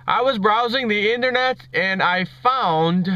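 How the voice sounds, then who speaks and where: A man putting on an Indian accent to voice a man questioning a minister from the crowd, slow and pointed. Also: sits high, sharp tone, dry recording, lo-fi sound, pitched above the performer's own voice. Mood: earnest questioning. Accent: put-on Indian accent.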